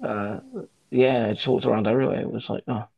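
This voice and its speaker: A man's voice: mid-range voice, fairly even intonation, fast talker, creaky. A man telling a rambling, sweary anecdote in casual chat with friends, full of fillers and restarts. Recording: dull lo-fi recording.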